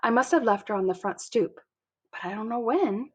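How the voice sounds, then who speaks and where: A woman voicing a young girl, the older sister, with a high, plaintive voice, in a storybook reading. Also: expressive, moderate pace, breathy edge, highs cut off. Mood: matter-of-fact. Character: distressed older sister, schoolgirl.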